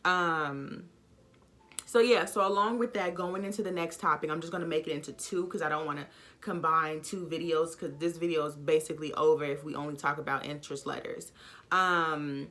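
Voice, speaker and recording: A young woman telling a casual storytime vlog from home, animated and blunt, with sassy asides to her viewers. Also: deep voice, normal speed. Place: home, dog snoring nearby.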